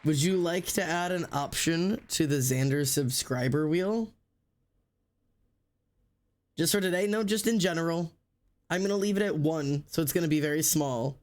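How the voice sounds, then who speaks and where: On a livestream, a man draws and chats casually despite a sore throat, rambling, swearing freely, and intentionally keeping his energy low.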